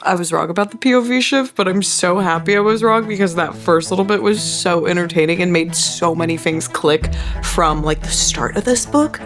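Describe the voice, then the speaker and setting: A woman's voice: on the low side, moderate pace, soft background music. A woman, talking casually at home in the evening as she works through a mystery novel, chatty and self-mocking. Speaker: book vlogger. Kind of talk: casual chat reading a mystery aloud.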